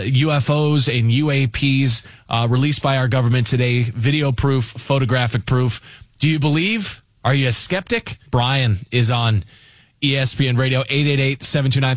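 A man's voice: mid-range voice, dry recording. A man hosting a radio call-in show in a studio. He talks energetically and often restarts his sentences with a stammer. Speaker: sports radio host.

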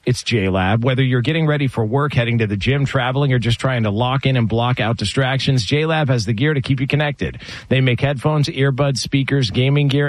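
A man hosting a sports radio show, bantering casually with co-hosts and reading an ad in a brisk, upbeat way. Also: mid-range voice, dry recording.

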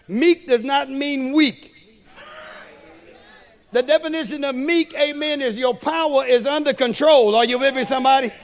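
A man preaching a sermon as a pastor, slow and emphatic, tossing in "amen" and questions to the congregation. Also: very high-pitched. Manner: preaching with call-and-response asides; slow, emphatic delivery with storytelling.

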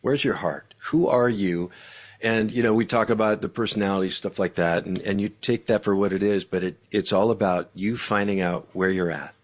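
A man guesting as an author, speaking in an animated, emphatic, preacherly way about faith and communication. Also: fairly low pitch, moderate pace. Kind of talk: faith-based interview talk.

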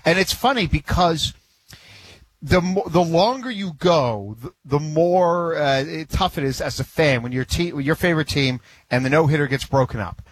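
Husky higher-voiced sports co-host man. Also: moderate pace, no room sound. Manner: chatty, joking, with laughs. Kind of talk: casual sports talk.

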